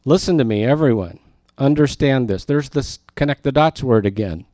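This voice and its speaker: A man's voice: medium pitch, expressive, moderate pace, mellow, no echo. A man teaching the Bible verse by verse in a conversational, emphatic way, often turning aside to talk to his class.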